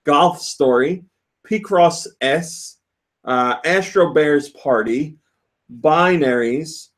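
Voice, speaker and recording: A man's voice: fairly high pitch, extremely slow, a bit bright. A man hosting a casual podcast, reading listener comments aloud and laughing often. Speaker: podcast host.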